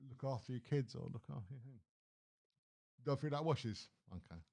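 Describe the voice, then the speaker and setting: A man's voice: medium pitch, normal speed, vocal fry, pauses often. A man hosting a live stream, ranting bluntly about the news with lots of swearing. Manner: blunt, animated, swears freely. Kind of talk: casual opinion rant on a live stream.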